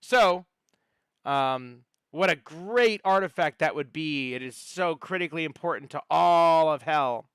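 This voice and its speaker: Game master, male, smooth, dry close sound, chatty lore-teller with ums. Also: fairly high pitch, measured pace, fairly bright tone, no echo. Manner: storytelling with many fillers and restarts. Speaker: dungeon master. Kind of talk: narrating a tabletop game.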